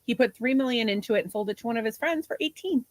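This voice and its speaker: Speaking quickly in a slightly high voice, a half-Portuguese woman in her forties co-hosts a podcast. The livestream chat is casual, full of laughs and some cursing, and the recording is dry.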